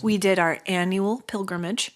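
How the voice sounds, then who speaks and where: A woman in her thirties co-hosts a chatty podcast with her brother. She teases him and laughs easily, in an upbeat, conversational tone at an ordinary middle pitch. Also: fairly even intonation. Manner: teasing, quick to laugh, upbeat. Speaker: podcast co-host. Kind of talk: casual sibling chat.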